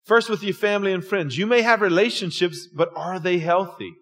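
High-voiced preacher, swinging loud to hushed. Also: male voice, fairly quick. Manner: folksy, call-and-response preaching, swings from loud and lively to low and soft. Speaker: pastor. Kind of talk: sermon.

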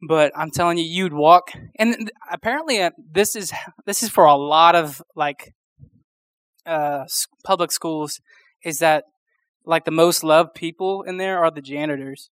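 A man's voice: on the high side, measured pace, fairly bright tone, no echo. A young man preaching a sermon in a casual, rambling storytelling way, with lots of fillers and restarts.

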